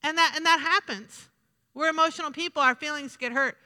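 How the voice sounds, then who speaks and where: A woman delivers a sermon in a conversational, repetitive way, often turning to ask the congregation questions. Her voice sits high and rings very bright. The sound carries the long reverb of a large church hall. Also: a little fast. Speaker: preacher.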